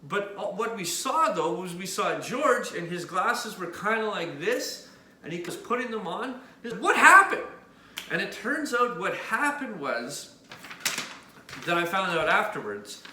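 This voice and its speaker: A man from Canada telling a personal story on camera in an animated way, pointing out where things happened. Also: high voice, measured pace. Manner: animated, points out spots as he tells it. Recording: echoey room with faint noise.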